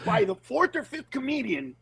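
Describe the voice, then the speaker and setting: A man, a comedian guest, telling stories in casual chat, animated and acting out other people in high voices, then turning earnest. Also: normal speed, vocal fry, slightly rough, dry recording, poor audio. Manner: turns earnest and reflective. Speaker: comedian guest on a talk show.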